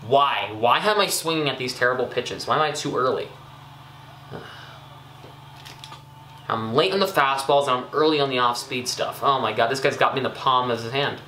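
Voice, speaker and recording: A young man casually commenting on his own gameplay, chatty and excitable, scolding himself with frequent ums and uhs. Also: mid-range voice, moderate pace, pauses often, roomy sound, slight background noise. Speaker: gaming YouTuber.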